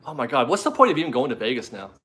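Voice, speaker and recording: A man's voice: mid-range voice, sing-song, rapid-fire, a bit bright. This is a chatty, rambling man hosting a casual live stream from home. He reads out viewer messages and is easily amused.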